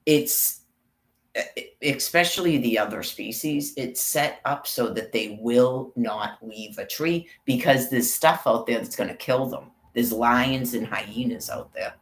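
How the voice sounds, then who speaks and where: A man's voice: mid-range voice, unhurried, a bit bright, roomy sound, rough recording. A man vlogging on a walk, talking in a rambling, profane monologue and calling out viewers by name. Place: outdoors on a walk.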